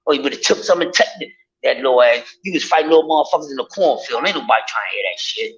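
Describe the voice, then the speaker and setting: A man ranting casually to his viewers, in an animated, profane and mocking way. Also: medium pitch, quick pace. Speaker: vlogger. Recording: dull lo-fi audio.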